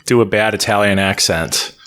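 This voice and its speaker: A man's voice: fairly low pitch, steady tone, normal speed, fairly bright tone, smooth. Joking, rambling male podcast co-host. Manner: joking, rambling, laughs often. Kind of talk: casual chat.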